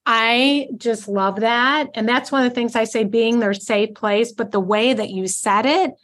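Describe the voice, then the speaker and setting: A woman hosting a casual podcast interview, affirming her guest often and agreeing out loud. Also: a little high, a little slow. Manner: warm, affirming, lots of agreement sounds. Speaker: podcast host.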